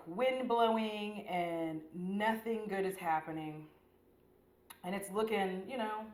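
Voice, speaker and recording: A woman's voice: lowish voice, echoey room, poor audio. A woman beauty vlogger chatting casually while doing her makeup, rambling in a slangy, profane way with lots of "like.".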